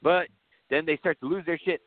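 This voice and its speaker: A man's voice: fairly high pitch, fairly even intonation, brisk, no echo. A man co-hosting a casual podcast, recapping a movie plot with lots of laughter and swearing. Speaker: podcast co-host. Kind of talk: casual chat. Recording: dry, tinny phone-like sound.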